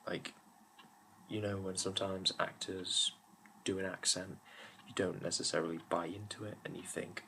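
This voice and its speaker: Low gravelly young man reviewing films. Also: level tone, moderate pace, pushed and bright, slight background noise, low-quality recording. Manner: rambling, many fillers and restarts. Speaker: YouTube film reviewer. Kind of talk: casual film review talk.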